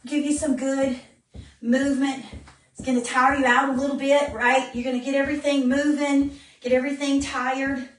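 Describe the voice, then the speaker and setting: A woman's voice: sits high, level tone, moderate pace. Breathless woman coaching a home workout. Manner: coaching while exercising, counting reps. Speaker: fitness instructor. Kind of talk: live workout demonstration. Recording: roomy, distant phone-camera sound.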